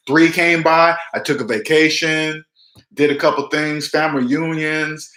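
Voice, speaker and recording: This forties-aged personal finance vlogger has a slightly high, steady, somewhat bright voice, speaking at a moderate pace with reverb around him. He preaches casually to camera, repeats his points and performs other people's lines.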